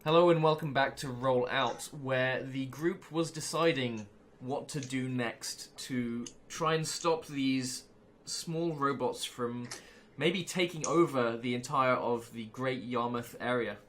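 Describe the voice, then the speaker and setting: A man running a tabletop roleplaying game, narrating in a relaxed, halting way full of fillers. His voice sits at a middling pitch. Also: a little hiss or hum. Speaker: game master.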